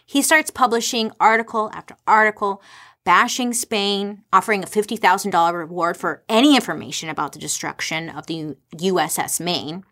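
A woman's voice: mid-range voice, fairly bright tone. A woman hosting a casual comedic history explainer, irreverent and sarcastic, swearing freely and tossing rhetorical questions at her audience.

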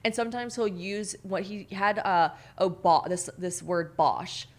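A young woman guest on a podcast, telling animated stories with lots of fillers. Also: medium pitch, measured pace. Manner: animated storytelling, giggly, many fillers. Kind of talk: casual chat.

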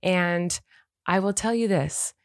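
A woman from California with a notably low voice, chatting with her partner on a podcast. She tells her story in a loose, giggly way. The sound is dry and close, with no room in it. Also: slow pace, no room sound. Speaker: podcast co-host. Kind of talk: casual chat.

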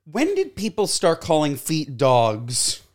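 A man's voice: on the high side, wildly swooping pitch, slow. A man co-hosting a podcast in casual chat, joking around playfully and bantering back defensively. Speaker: podcast co-host.

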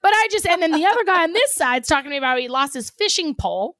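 A high-voiced woman co-hosts a casual podcast chat, telling stories with lively energy and swearing freely. Her voice sits close and dry against the mic, with no room sound at all. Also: quick pace, dry recording. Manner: animated storyteller, swears freely. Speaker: podcast co-host.

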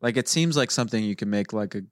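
A man's voice: fairly low pitch, expressive, quick pace, background noise. A man in casual family chat on a podcast, joking and telling anecdotes. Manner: jokey, tells anecdotes. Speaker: podcast co-host.

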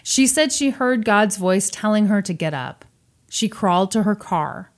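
A woman hosting a podcast, retelling a true crime story in casual chat with animated, sarcastic asides. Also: mid-range voice, unhurried, very noisy.

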